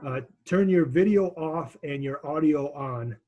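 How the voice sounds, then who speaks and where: A man's voice: a little high, measured pace, highs cut off. Man coaching a class on a video call. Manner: encouraging, direct, with frequent restarts. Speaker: instructor.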